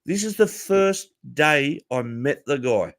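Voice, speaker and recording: Swearing bloke telling a story. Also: male voice, fairly high pitch, expressive, slow. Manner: crude, swears a lot, laughs while telling. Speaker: podcast host telling a story. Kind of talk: casual storytelling chat.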